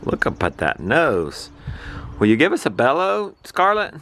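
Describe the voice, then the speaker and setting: A chatty man hosting his family farm vlog, joking with viewers as he does his chores outside. His voice sits at an ordinary middle pitch. Steady background noise runs under the recording. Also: unhurried. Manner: chatty, playful, talks to viewers. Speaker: vlog host. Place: farm, mostly outdoors.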